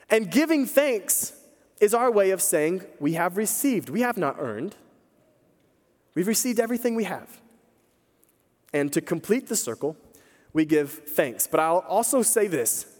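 A man preaching a sermon as pastor, telling a story in a conversational, emphatic way. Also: high voice. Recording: long hall reverb.

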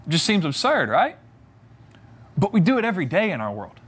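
A young man preaches in an easy, joking way, slipping into voices to act out the story. His voice sits high for a man. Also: huge pitch swings, fairly quick, slightly rough. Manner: conversational and humorous, acts out scripture voices. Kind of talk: sermon.

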